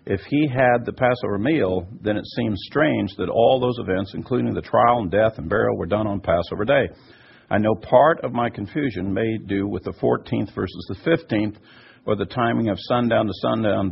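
A man's voice: fairly low pitch, moderate pace, gravelly, slightly rough. A man teaching from scripture and answering listener questions, emphatic and fond of asides. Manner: emphatic, repeats "by the way". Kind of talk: teaching talk. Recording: muffled lo-fi recording.

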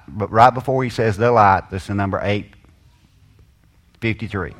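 A man leading a Bible study, drawing out quoted verses slowly and giving asides to a helper. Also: lowish voice, animated. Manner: slows and stresses quoted scripture, asides to a helper. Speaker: Bible teacher.

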